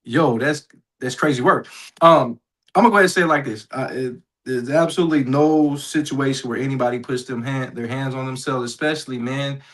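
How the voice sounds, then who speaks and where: A man's voice: medium pitch, brisk, a bit bright, low-quality recording. A man co-hosting a sports podcast, reading out listener comments and answering them in a blunt, plainspoken way. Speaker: podcast co-host. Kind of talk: casual sports talk.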